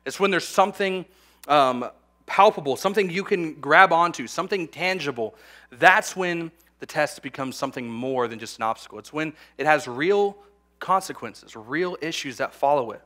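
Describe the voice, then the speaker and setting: A young man preaches to graduating students with a bright, forceful tone. His delivery is conversational, full of repeated words and light humorous asides. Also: on the high side, animated, normal speed.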